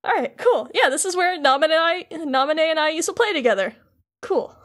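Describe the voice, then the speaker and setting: A woman's voice: sits high, expressive, a little fast, a bit bright, voice pushed up. A woman voicing a cheerful, forgetful teenage boy hero in a breezy, upbeat way while recapping a game. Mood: chipper.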